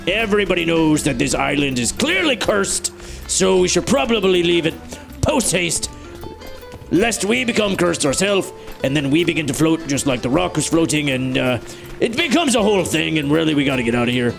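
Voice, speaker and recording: A man's voice: moderate pace, creaky, soft background music. A young man giving jokey, self-mocking commentary while playing a survival game. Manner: animated, playful pitch swings. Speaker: gaming YouTuber. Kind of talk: let's play commentary.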